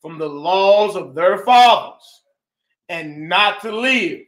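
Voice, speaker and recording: Man, casual, slightly high voice, roomy echo, reads scripture aloud. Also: lively intonation, takes it slowly, fairly bright tone. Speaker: member of the study group. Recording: roomy sound.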